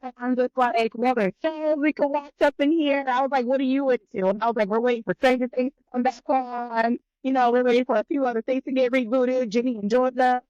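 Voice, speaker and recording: A woman guest on a podcast telling a story in casual chat, animated and profane, acting out both sides of the conversation. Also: a little high, fast talker, few pauses, no echo, highs cut off.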